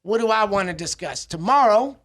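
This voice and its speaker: A man's voice: high voice, animated, a little fast, a bit bright. A man co-hosting a martial arts podcast, chatting casually and riffing with jokes and teasing. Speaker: podcast co-host. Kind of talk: casual chat.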